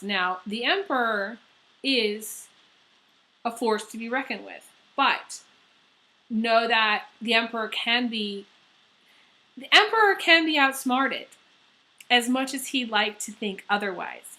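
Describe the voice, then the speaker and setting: Bright-voiced woman giving a casual tarot reading. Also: medium pitch. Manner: rambling and casual, swears, many fillers. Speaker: tarot reader.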